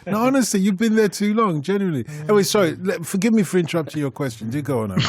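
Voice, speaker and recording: Playful radio host. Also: male voice, sits high, animated, racing, no room sound. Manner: teasing, playful, chatty. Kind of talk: radio phone-in hosting.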